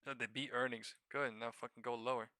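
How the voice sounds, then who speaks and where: Profane exasperated man, bright dry voice. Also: medium pitch, level tone, brisk, no echo. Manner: profane, exasperated rambling about trades. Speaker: live stock trading streamer. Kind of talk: casual live-stream commentary.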